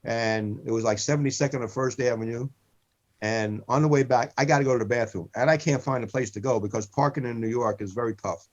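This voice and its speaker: A man in his sixties co-hosts a comedy podcast, his mid-range voice moving a little fast as he rambles through funny stories. He wanders off track, repeats himself, and keeps saying "listen." The recording is muffled and lo-fi.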